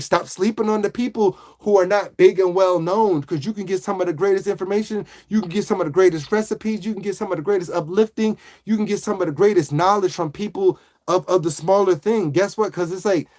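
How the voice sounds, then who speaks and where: Male livestream host, high pitch, repetitive uplifting sermon-like chat. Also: a little fast, a little mellow. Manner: motivational, preachy, repeats phrases. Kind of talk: casual live-stream chat with viewers.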